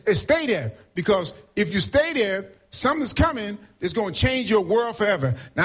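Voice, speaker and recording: Husky high-voiced male preacher. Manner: call-and-response, keeps asking "right?"; animated, swings between loud and soft. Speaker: pastor. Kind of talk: preaching a sermon.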